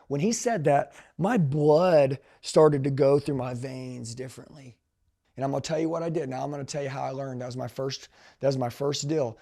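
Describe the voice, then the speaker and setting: Fired up sales coach guy, gravelly, kinda high voice, goes loud then quiet. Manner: intense, emphatic, swings from loud to low. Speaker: sales trainer. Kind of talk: motivational storytelling.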